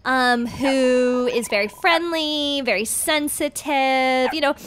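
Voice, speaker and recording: A woman's voice: takes it slowly, fairly bright tone, a little hiss or hum. A woman voicing a cheerful young shelter worker who chats through a pet lineup in a game story. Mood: chatty. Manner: chatty salesy pitch with fillers. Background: background music.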